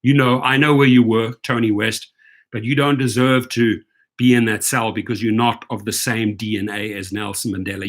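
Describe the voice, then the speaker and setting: A man's voice: lowish voice, fairly even intonation, normal speed. An indignant man delivers a heated commentary rant on his own channel. He circles back over the same phrases and keeps tagging his lines with "right?". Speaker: rideshare video host.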